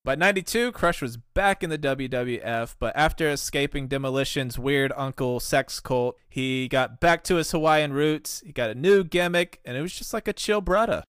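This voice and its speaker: A man's voice: medium pitch, normal speed, hardly any pauses, fairly bright tone, clear, resonant tone, no room sound. A man hosting a podcast, reading semi-scripted recap notes with dry jokes mixed in.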